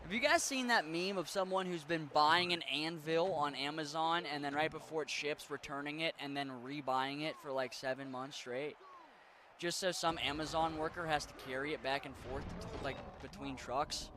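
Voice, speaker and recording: A man's voice: on the high side, normal speed, noisy background. A young man from western Maryland with a mixed Pittsburgh and Appalachian accent, chatting casually and rambling as he streams a game, swearing now and then. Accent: western Maryland, Pittsburgh-Appalachian mix. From western Maryland, USA. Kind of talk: casual chat while gaming.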